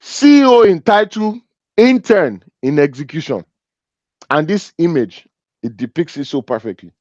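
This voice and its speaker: A man with a Nigerian accent giving a humorous, animated business talk, joking and teasing as he tells stories. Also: on the high side, normal speed, no echo, muffled recording. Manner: animated and joking, laughs at his own stories. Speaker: business speaker.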